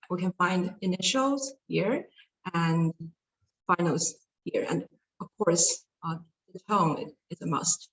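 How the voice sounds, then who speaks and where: A woman explains pronunciation in a relaxed online lesson. She speaks at a middle pitch and hesitates often, with fillers and restarts. The room sounds echoey, with a faint hiss behind her. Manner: hesitant, many fillers and restarts, light laughs. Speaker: Chinese language teacher. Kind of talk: online lecture with slides.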